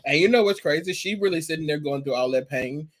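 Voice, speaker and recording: A man on a casual podcast, remote, teasing the others in a relaxed chat. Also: a little high, fast. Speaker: podcast co-host.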